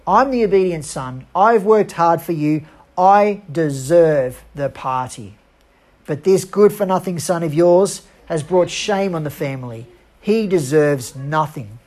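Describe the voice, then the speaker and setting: A woman acting out a resentful older brother who complains loudly about unfairness. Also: fairly low pitch, lively intonation, measured pace. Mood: self-righteous. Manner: loud, aggrieved complaining. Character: resentful older brother, indignant young man.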